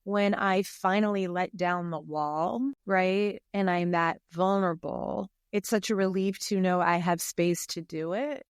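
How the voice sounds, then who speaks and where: Expressive woman guest, dry sound. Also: fairly low pitch, smooth, dry recording. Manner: emotional and openly expressive, speaks in quick bursts. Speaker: podcast guest, author and speaker. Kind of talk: casual podcast conversation.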